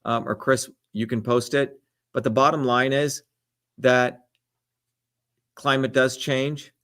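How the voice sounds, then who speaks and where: Middle-aged guy lecturing hard on a live stream, emphatic, mid pitch. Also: flat delivery, slow pace, fairly bright tone. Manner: emphatic, lecturing, repeats "the reality is". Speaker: presidential candidate answering debate questions. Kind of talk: live-stream debate commentary.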